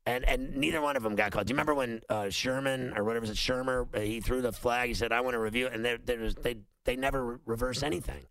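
A man's voice: medium pitch, fairly even intonation, fast talker, hardly any pauses, fairly bright tone. A man hosting a sports talk show, ranting heatedly and repeating himself. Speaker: host. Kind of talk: opinionated sports talk monologue.

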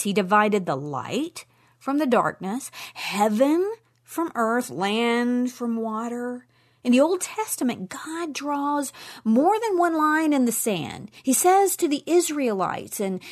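A middle-aged woman teaching a Bible lesson in an emphatic way, with playful asides. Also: sits high. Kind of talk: teaching talk on Scripture.

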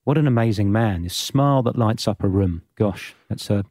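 Soft-spoken male podcast host. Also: lowish voice, moderate pace, no room sound, studio quality. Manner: moved, stammering, gentle. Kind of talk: podcast interview.

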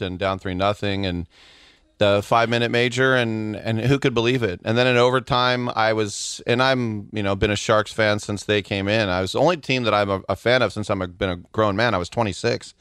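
A middle-aged man co-hosting a podcast, chatting excitably about sports in a rambling way. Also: fairly low pitch, normal speed, smooth, dry recording, studio quality. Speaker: podcast co-host. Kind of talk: casual sports chat.

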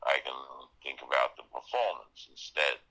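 An older man with an Australian accent, reflecting in an interview in a halting way, full of fillers and restarts. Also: extremely low pitch, lively intonation, poor audio. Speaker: interview guest, actor.

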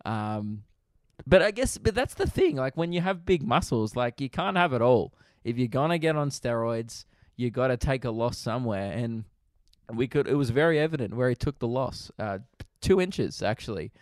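An animated young Australian man tells a comedy story on his podcast, breaking into laughter and little whoops along the way. His voice sits at an ordinary male pitch. The recording is close and dry, with no room sound. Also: moderate pace, no echo. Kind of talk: casual storytelling monologue.

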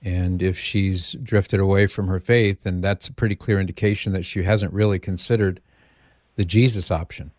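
A man's voice: deep voice, fairly even intonation, moderate pace, darkish tone, no room sound, clean studio sound. A man hosting a call-in radio show, asking probing questions and giving earnest, patient advice. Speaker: radio talk show host.

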